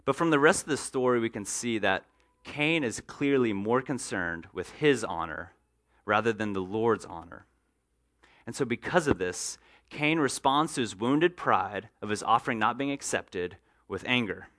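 Bright-voiced male pastor preaching. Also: fairly low pitch, expressive, normal speed. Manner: earnest preaching, acts out everyday scenes. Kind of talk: sermon.

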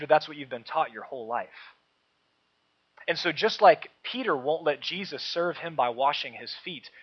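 A man preaching a sermon to a congregation, emphatic and rising, then dropping into soft low asides. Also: slightly rough. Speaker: pastor. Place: church. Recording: dull lo-fi sound.

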